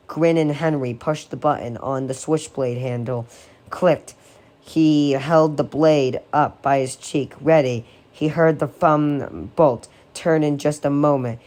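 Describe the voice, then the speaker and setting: A woman reading a horror novel aloud in a measured, steady way. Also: sits low. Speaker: audiobook reader.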